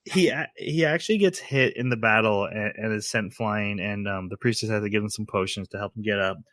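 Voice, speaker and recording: A man's voice: fairly low pitch, a little fast, a bit bright, no room sound, studio quality. A man co-hosting a podcast, retelling an anime episode in casual chat, rambling and laughing as he goes. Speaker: podcast co-host.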